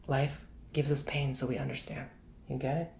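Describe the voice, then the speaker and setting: A man giving a soft-spoken ASMR tarot and coffee cup reading, chatty and rambling, with casual slang and whispered asides. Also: medium pitch, steady tone, normal speed, a little hiss or hum.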